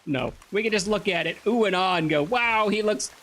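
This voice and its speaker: A man's voice: high voice, a little fast, fairly bright tone. A man casually commenting on his playthrough of a game, chatty and joking. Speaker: let's play gamer.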